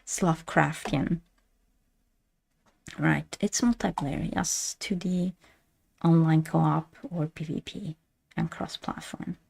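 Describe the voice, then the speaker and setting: A woman's voice: low-pitched, steady tone, takes it slowly, creaky, long pauses, darkish tone, husky. A woman streamer giving playful announcer-style live commentary, repeating her phrases as she goes.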